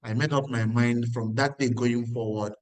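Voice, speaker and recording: Here the same kind of emphatic weekly-meeting motivational talk comes from a middle-aged business mentor with a Nigerian accent, who repeats lines and puts questions to the audience. He speaks at medium pitch and normal speed with fairly even intonation. There's no echo, though the audio is poor.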